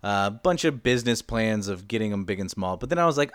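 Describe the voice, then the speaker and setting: A man's voice: fairly low pitch, lively intonation, a little fast, clean tone, no echo. A young man rambles through an explanation with plenty of "like" and "um." His voice sits in the middle range. The recording is dry and close, with no room sound. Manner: rambling explainer, many fillers. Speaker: podcast cohost. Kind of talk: casual chat.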